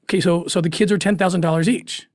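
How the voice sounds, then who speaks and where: A middle-aged man recounting a personal story in conversation, earnest and halting, restarting his sentences when moved. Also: high-pitched, steady tone, darkish tone, no room sound, clean studio sound. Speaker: guest recounting undercover work.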